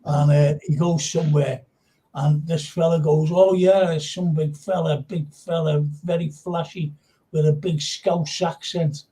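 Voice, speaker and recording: Man, host, high voice, mellow tone, rambling, reads out viewer comments. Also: fairly even intonation, unhurried, rough recording. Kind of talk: casual live-stream football chat.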